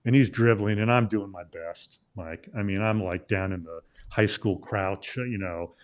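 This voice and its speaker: Low-voiced man spinning a rambling anecdote. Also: unhurried. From Illinois, US. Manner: rambling anecdote with many "uh" fillers and restarts. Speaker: guest, sports journalist. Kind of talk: casual storytelling in a talk interview.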